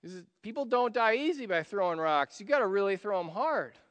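A man preaching a sermon in a conversational way, asking rhetorical questions and swinging between loud emphasis and quiet asides. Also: high-pitched, expressive, fairly quick, long reverb tail. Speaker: pastor.

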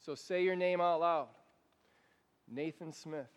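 Pastor, male, high voice, slow deliberate sermon delivery, long hall reverb. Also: smooth. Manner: guided prayer, soft and slow, repeating phrases.

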